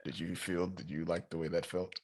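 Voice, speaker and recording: A man's voice: low voice, little pitch movement, fairly quick, a little mellow. A man co-hosting a podcast in casual chat, blunt and joking. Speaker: podcast co-host.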